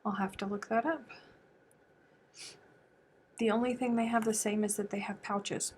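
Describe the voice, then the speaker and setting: A woman's voice: fairly high pitch, fairly even intonation, normal speed, a little hiss or hum. A woman from the United States hosting a crochet livestream, chatting casually and thinking aloud as she answers viewer comments. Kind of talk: casual livestream chat while crafting.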